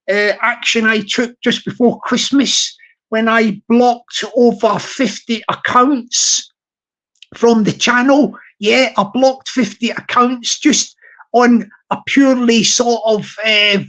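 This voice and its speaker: A Scottish live-streamer drawls through a chatty broadcast, taking their time over every word. The talk wanders from one greeting to the next, heaping praise on viewers and breaking into chuckles along the way. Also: mid-range voice. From Scotland. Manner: rambling, playful, chuckling, effusive shout-outs.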